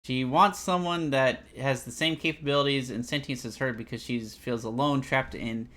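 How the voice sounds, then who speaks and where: Bright, rambling young male streamer. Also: mid-range voice, normal speed. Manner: rambling, animated, self-deprecating. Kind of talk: live game playthrough commentary.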